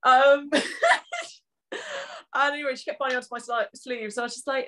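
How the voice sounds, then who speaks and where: Young woman, co-host, dry teasing delivery, bright crisp voice. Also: a little high, normal speed, pauses often. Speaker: podcast co-host and rugby prop. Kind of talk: casual chat.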